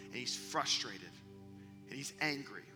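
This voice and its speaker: A man preaching a sermon to young people, telling stories with energy and dropping to a hushed whisper for emphasis. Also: medium pitch, animated, a little slow. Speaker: youth preacher. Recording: long hall reverb with music behind.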